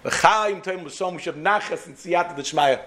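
Man doing a tipsy old guy, loud and boastful, kinda high. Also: normal speed, slight background noise. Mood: boisterous. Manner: exuberant, boastful toasts. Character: tipsy cheerful older man toasting.

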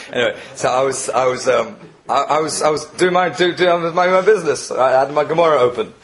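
A man giving a Torah lecture with stories, animated and emphatic, often repeating himself and rising to sharp peaks. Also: medium pitch. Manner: animated, rising emphatic peaks, mixes Yiddish and Hebrew terms; frequent self-repetition and restarts. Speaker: Torah teacher.

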